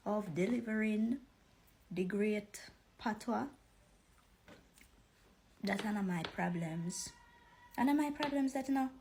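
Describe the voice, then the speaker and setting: A woman's voice: mid-range voice, creaky, darkish tone, slight background noise, low-quality recording. A woman with a Jamaican accent, talking defiantly and unbothered to camera. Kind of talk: casual commentary to camera.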